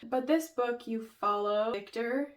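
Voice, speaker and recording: A woman's voice: on the high side, a little slow, a little hiss or hum. Chatty young woman gushing about books. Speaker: book vlogger. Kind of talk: casual book review chat.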